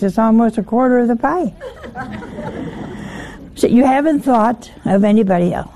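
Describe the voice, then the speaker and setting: A woman's voice: a little high, moderate pace, pauses often, warm tone, a little hiss or hum. A woman giving an informal scripture teaching in a folksy, humorous way, full of rhetorical questions to her listeners. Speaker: religious teacher.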